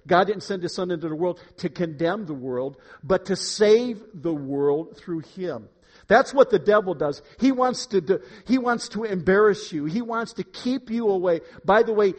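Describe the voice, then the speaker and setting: Male pastor preaching, high voice, emphatic, swings from soft to loud. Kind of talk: sermon. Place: church room.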